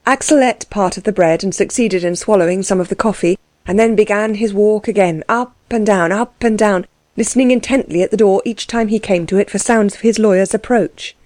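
A woman's voice: mid-range voice, a little fast, a little mellow, no echo. Woman narrating an audiobook, dry and close. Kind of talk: scripted narration.

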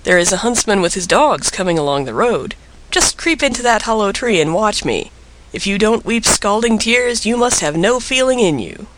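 A man voicing a small, cunning female partridge in a storybook, lively and chirpy. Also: sits high, moderate pace, slight background noise, low-quality recording. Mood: teasing.

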